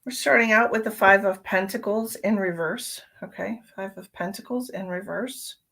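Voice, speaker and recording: A woman's voice: medium pitch, moderate pace, creaky, fairly bright tone. A tired woman, a psychic medium, chatting casually on a live stream and calling viewers by name while she gives readings.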